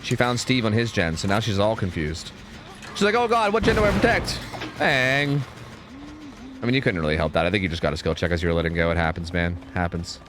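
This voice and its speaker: A man streaming a game, chatting excitedly and swearing as he talks to his teammates and viewers. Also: low voice, fast talker, a little hiss or hum. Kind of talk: live gameplay commentary.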